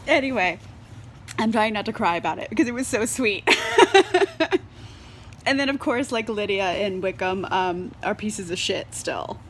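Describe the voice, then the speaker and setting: A young woman with a mid-range, fairly bright voice reviews a book at a moderate pace, with a bit of background noise. Tipsy from wine, this book vlogger is bubbly and laugh-prone, swearing freely and saying "like" a lot in her casual vlog.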